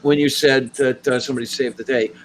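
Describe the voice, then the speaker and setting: A man's voice: mid-range voice, fairly even intonation, brisk, a little hiss or hum. An older man chatting casually on a live stream and making joking asides. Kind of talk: casual chat.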